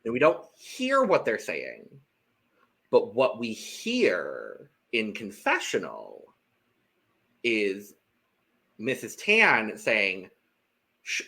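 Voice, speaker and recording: A podcast co-host recaps a reality show in casual chat, his fairly low voice creaky and his words drawn out, with frequent pauses. He's animated throughout, acting out the contestants' lines as he quotes them.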